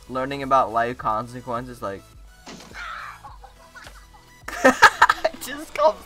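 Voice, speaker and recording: A teenage man giving casual reaction commentary on videos as a YouTuber, excitable and laughing often as he cheers on the clips. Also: medium pitch, extremely slow, pauses often, soft background music. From United States. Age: teens.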